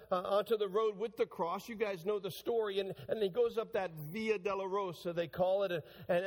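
High-voiced preaching man in a reverberant hall. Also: darkish tone. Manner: retells scripture dramatically, voicing the figures. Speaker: pastor. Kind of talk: sermon.

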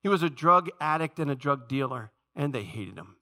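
A middle-aged male pastor preaching a sermon, swinging between loud rising questions and quiet, low asides to the congregation. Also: expressive, normal speed. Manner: preaching with dramatic rises and soft drops, questioning the congregation.

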